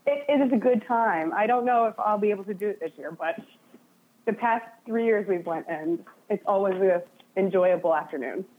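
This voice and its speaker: A woman's voice: mid-range voice, animated, normal speed, a little hiss or hum. A woman guest in a casual interview, talking in a chatty, self-deprecating way with lots of "like" fillers. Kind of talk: casual conversation. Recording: phone-like narrow sound.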